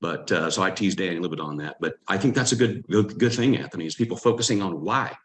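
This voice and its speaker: A man's voice: low-pitched, fast, rough recording. Easygoing man hosting a call. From Louisiana. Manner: relaxed, many fillers and restarts. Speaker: host. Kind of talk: casual team call hosting.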